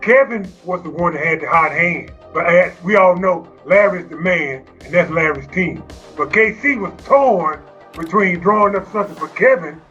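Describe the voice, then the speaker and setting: A man's voice: high-pitched, normal speed, sharp tone, lo-fi sound, soft background music. A man retelling a sports story with emphasis.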